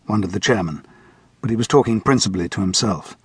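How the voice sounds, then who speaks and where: A man narrating an audiobook in the first person, measured and steady, close to the mic. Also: lowish voice, slightly rough, no room sound. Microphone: close studio mic.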